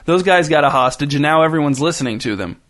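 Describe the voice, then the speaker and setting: A man voicing Alex, a jittery young man turned amateur hostage-taker, insistent and prone to shouting, in a storybook reading. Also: fairly high pitch, expressive, quick pace. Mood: tense.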